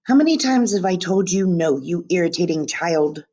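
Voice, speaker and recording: A teacher reading aloud as a gruff, scolding grown man who has no patience for kids. The voice is low-set for a woman and sounds like it comes through a webcam. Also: animated, normal speed, mellow. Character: gruff grumpy middle-aged man, dog walker.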